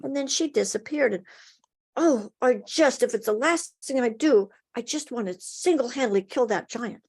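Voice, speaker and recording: A woman voicing a young orphan boy in a told folktale, speaking earnestly and haltingly, as if close to tears, over a video call. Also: fairly high pitch, expressive, a little mellow, husky. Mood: pleading. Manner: earnest, halting, tearful pleading.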